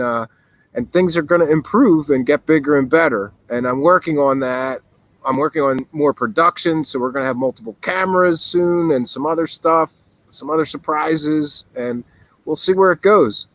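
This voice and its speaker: Relaxed, rambling man hosting a call-in show. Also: fairly high pitch, moderate pace, no echo, poor audio. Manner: relaxed, rambling, easily amused. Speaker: host. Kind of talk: casual call-in show chat. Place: outdoors by a fire in the mountains. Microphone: laptop mic.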